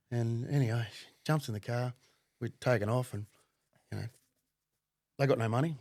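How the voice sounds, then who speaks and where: A man tells a wild story on a podcast, swearing freely and often laughing. His voice sits at an ordinary pitch. The recording is dry and close. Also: moderate pace, long pauses, no room sound. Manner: profane, animated, laughing. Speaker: podcast guest. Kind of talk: casual storytelling.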